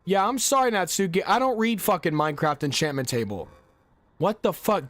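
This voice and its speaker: A man's voice: high voice, lively intonation, brisk, slight background noise. Cursing young man gaming. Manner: loud, cursing, jumpy reactions. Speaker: gaming YouTuber. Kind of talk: horror game let's play.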